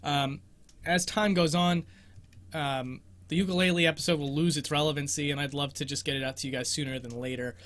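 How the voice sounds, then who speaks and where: A man's voice: fairly high pitch, steady tone, fairly quick, a bit bright. A young man hosting a casual livestream Q&A about a video game, rambling and self-deprecating and laughing often, speaking from his bedroom. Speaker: host of a game exploration show.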